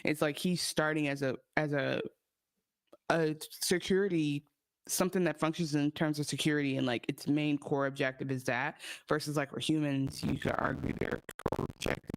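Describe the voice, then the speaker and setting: A man's voice: fairly high pitch, little pitch movement, normal speed, clear, resonant tone, no room sound, clean studio sound. A man co-hosting a podcast, chatting casually about a TV episode in a rambling, enthusiastic way with many restarts. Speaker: podcast co-host. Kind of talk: casual TV recap chat.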